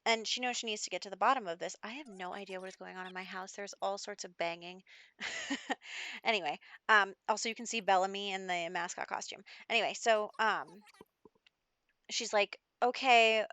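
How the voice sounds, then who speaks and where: A woman's voice: medium pitch, expressive, brisk, sharp tone, no echo. A woman casually narrating her life-simulation gameplay as a storytelling host, chatty and full of "like" and "you know". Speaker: Sims let's play host.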